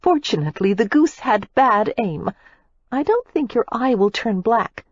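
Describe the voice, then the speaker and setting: Brief: woman voicing a playful young heiress, breathless and high, husky, muffled audiobook sound. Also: unhurried, dry recording. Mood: lively. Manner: breathless, lively and teasing. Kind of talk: audiobook character reading.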